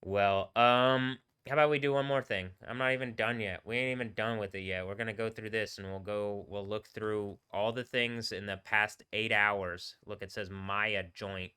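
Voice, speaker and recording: Bright, crisp-voiced rambling man. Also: on the low side, steady tone. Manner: rambling, halting, trails off and restarts words. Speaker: live streamer. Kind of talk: casual rambling livestream talk.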